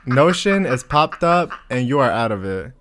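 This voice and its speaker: A young man co-hosting a casual podcast, sassy and quick with a joke. He teases his co-host in a dry, deadpan way, at a middling pitch. He sounds like a friend riffing between bits. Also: noisy background. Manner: sassy, joking, deadpan teasing. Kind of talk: casual chat.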